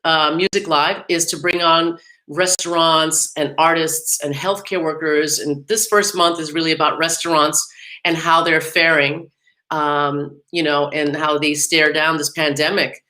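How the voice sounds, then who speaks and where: Bright, low-voiced woman hosting a chatty show. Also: level tone, unhurried, low-quality recording. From New York / New Jersey area. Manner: chatty, laughs often, many fillers. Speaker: podcast host. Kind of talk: casual livestream talk.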